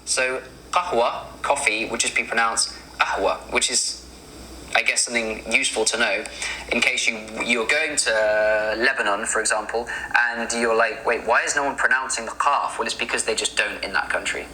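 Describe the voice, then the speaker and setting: A man explains words patiently in a YouTube lesson and repeats them so they sink in. His tone is bright and sharp. Faint noise hums behind him. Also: mid-range voice, fairly even intonation, normal speed, rough recording. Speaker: YouTuber teaching Arabic words. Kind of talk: reaction video commentary.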